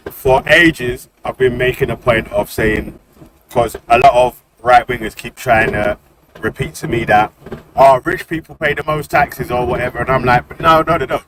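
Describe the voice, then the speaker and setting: A man hosting a live stream, insistently arguing his point and repeating "listen" and "yeah" to hold the floor. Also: mid-range voice. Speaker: stream host. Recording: background noise.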